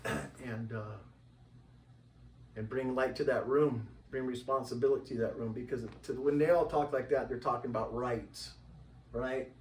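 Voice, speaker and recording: A man from Washington State speaking as an interview guest, telling stories in a loose, rambling way full of "you know," and slipping into higher voices when quoting others. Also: steady tone, normal speed, a little mellow, slight background noise. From Washington State, USA. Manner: acts out quoted voices in a higher pitch. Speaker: interview guest, tribal member. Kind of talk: rambling conversational storytelling. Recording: roomy, distant mic, faint background ambience.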